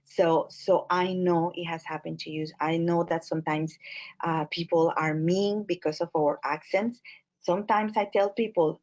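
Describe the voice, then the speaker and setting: Latina woman trainer with a Spanish accent, low-pitched, expressive storyteller, muffled lo-fi recording. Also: moderate pace. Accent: Latin American Spanish. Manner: expressive, animated storytelling with many fillers. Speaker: immigrant advocate and trainer. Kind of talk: training talk. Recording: muffled lo-fi audio.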